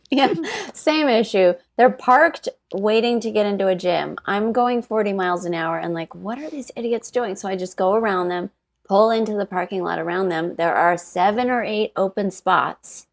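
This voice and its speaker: A woman's voice: mid-range voice, normal speed, gravelly. A woman guest on a podcast, telling a story bluntly with swearing and dry asides. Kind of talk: casual chat.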